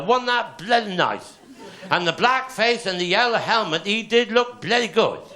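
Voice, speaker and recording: At a live show, a comedian with a Cornish accent spins rambling, bawdy stories in broad dialect, his voice high, pushed, and bright. The audience can be heard laughing.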